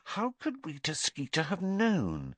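A man voicing a clever, bossy teenage schoolgirl witch, talking quickly and emphatically. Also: on the high side, huge pitch swings, a bit bright, no room sound, voice pushed up, heavily acted. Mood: puzzled.

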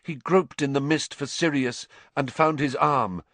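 A man narrating an audiobook in a measured, suspenseful way, dropping low for dark passages. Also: dry recording.

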